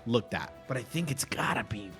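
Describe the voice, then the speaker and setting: Excitable young man streaming, lively voice. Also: mid-range voice, a little fast, soft background music. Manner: excitable, laughing, animated reactions. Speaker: streamer host. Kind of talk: casual stream commentary.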